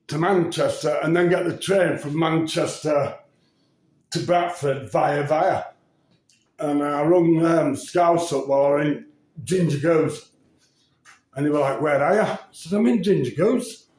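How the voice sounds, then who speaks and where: A man's voice: on the high side, a little mellow. A man telling rambling, casual anecdotes, full of ums and swearing. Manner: rambling, full of ums and swearing, laughs at his own stories. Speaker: vlogger. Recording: echoey room.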